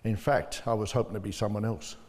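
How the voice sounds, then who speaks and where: Talking fast in a lowish, steady, slightly mellow voice, an older man bluntly tells his personal story. He is a bereaved father appearing as an interview guest, and the recording has a long hall reverb.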